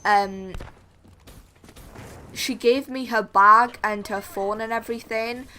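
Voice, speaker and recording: A woman's voice: on the high side, steady tone, slow pace, bright, forceful tone, slight background noise. A young woman telling a chatty story to camera, full of "like" and "literally". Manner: chatty, constantly says "like" and "literally". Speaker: vlogger. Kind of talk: storytime monologue.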